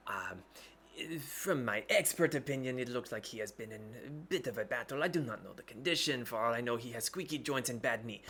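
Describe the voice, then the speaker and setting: A man's voice: medium pitch, fairly bright tone, a little hiss or hum, close to an everyday voice. A man voicing a fussy, fawning male goblin servant who haggles and repeats himself.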